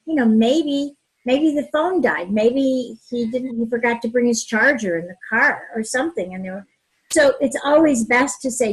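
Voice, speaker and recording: Husky-voiced woman coaching on relationships. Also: fairly high pitch, normal speed, rough recording. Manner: warm, animated, acts out example phrases. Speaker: couples therapist. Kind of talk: casual advice chat.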